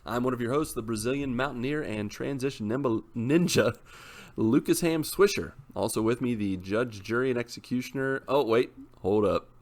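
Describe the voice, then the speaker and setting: A man's voice: medium pitch, normal speed, hardly any pauses. A man in his thirties hosting a casual podcast, opening with theatrical, playful introductions. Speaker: podcast host.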